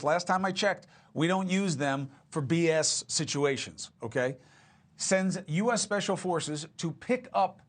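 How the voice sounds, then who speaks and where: A man anchoring a cable news show, speaking in a fairly high voice. He leans hard on key words and keeps his delivery punchy and emphatic.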